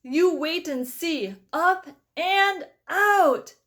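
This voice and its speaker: A woman reading aloud and voicing an excitable, eccentric male candy maker with a bubbly, theatrical manner. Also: very high voice, drawn-out words, voice pushed up, exaggerated voice. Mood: gleeful.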